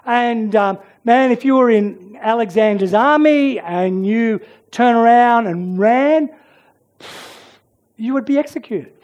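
Dramatic slow preacher dropping to whispers. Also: mid-range voice, dull audio. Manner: dramatic storytelling, swinging from loud emphasis to soft near-whispers. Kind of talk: sermon with prayer.

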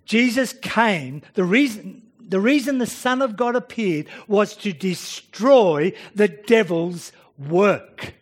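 A man preaching a sermon, working through a Bible passage and often restarting his phrases as he acts out the voices he quotes. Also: high voice.

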